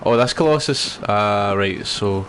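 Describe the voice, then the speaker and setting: A man's voice: on the low side, unhurried, fairly bright tone, slight background noise. A Scottish man chatting loosely while streaming a video game, rambling with lots of fillers. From Scotland. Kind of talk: casual gameplay commentary.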